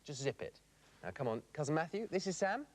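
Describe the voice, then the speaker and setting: Lively man scolding his dummy. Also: on the high side, brisk. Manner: patient, scolding the dummy, playful. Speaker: ventriloquist.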